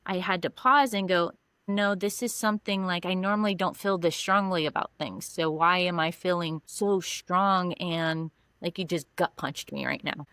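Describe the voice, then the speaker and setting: A woman's voice: lowish voice, moderate pace, a bit bright, smooth, no room sound. A woman counselor being interviewed on a podcast, explaining earnestly with examples from her own life. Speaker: mental health counselor.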